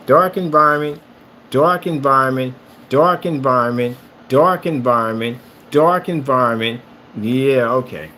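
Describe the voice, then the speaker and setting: A man's voice: medium pitch, a bit bright, a little hiss or hum. A man who makes screen paint rants at a rival in a combative, mocking tone, repeating his jabs. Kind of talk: ranting vlog.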